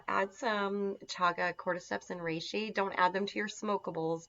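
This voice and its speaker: Woman, casual herbal lesson, enthusiastic, filler-heavy, low-ish pitch, muffled lo-fi audio. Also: fairly bright tone. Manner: chatty, enthusiastic, many fillers. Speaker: herbal wellness teacher. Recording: dull lo-fi sound.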